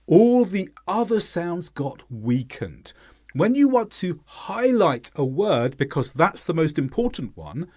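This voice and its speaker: A man delivers a scripted English lesson at a slow, measured pace, his slightly high voice swinging widely as he hits the important words hard. The sound is dry and close. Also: no echo. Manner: slow, deliberate, exaggerated stress on key words. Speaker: English pronunciation teacher.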